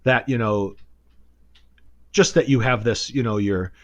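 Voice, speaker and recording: A man spins a personal story on a casual podcast. He swears freely and breaks into laughs, his voice at an ordinary middle pitch. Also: a little slow, dull audio. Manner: profane, animated, laughs while telling a story. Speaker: podcast co-host.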